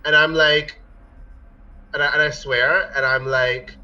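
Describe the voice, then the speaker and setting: A man playing a tabletop game, excitable and full of eager questions. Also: on the high side, a little slow, pauses often, far from the mic, dull audio, slight background noise. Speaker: player. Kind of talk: casual tabletop play.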